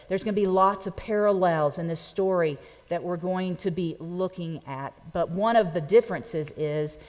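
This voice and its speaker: A woman pastor, preaching a sermon in a conversational, playful way and speaking directly to her congregation. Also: fairly low pitch. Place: church sanctuary. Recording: long church reverb.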